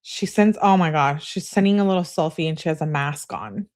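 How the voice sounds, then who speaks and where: A woman's voice: sits low, fairly quick, a little mellow. A young woman giving casual true crime commentary in a blunt, sarcastic way, swearing freely. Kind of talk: casual commentary reading out texts.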